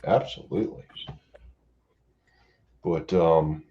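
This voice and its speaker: A man's voice: sits low, takes it slowly. A man hosting a casual late-night livestream, rambling and swearing freely as he chats with guests. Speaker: livestream host. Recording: dull lo-fi stream audio with faint hiss.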